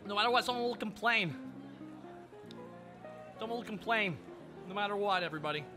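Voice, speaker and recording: A man's voice: sits high, fairly quick, music in the background. A man streaming live, chatting casually with viewers in a sardonic, profane, ranting way.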